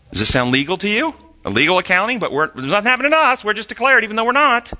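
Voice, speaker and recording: A man's voice: fairly high pitch, big pitch swings, very fast, sharp tone. A man teaching a sermon-style Bible lesson, reading quotes aloud and questioning his listeners, rising sharply when he argues.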